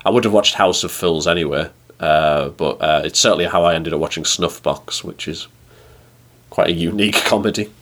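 A man with a deep, low voice co-hosting a podcast. He jokes in a dry, teasing way during casual banter. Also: normal speed, a bit bright. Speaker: podcast co-host.

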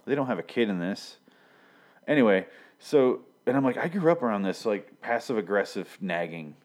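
Low-voiced man, from michigan, casual review, profane, full of ums. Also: animated, normal speed. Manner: profane, filler-heavy, self-correcting.

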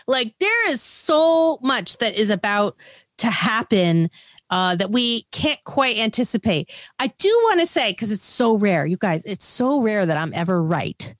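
A woman co-hosting a podcast, chatting casually in an animated, excitable way. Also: medium pitch, unhurried, no echo, clean studio sound. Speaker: podcast co-host. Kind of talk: casual chat.

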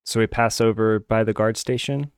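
A man's voice: on the low side, fairly even intonation, moderate pace, clear, resonant tone. A man playing in a tabletop game, asking casual questions. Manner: inquisitive, casual. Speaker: player.

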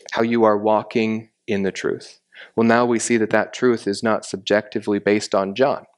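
A man giving expository Bible teaching, methodically explaining the Greek grammar of a passage step by step. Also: on the low side.

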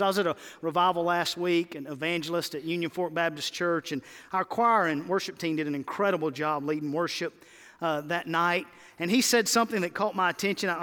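Pastor, male, high tenor, exhorting his congregation, reverberant church. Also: a bit bright. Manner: rising to emphatic exhortations. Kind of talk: sermon.

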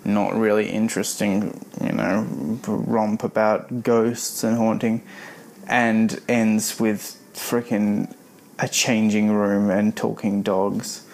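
A man's voice: on the low side, completely flat delivery, slow, darkish tone, slight background noise. A man giving a rambling, sarcastic spoken review of a children's horror book.

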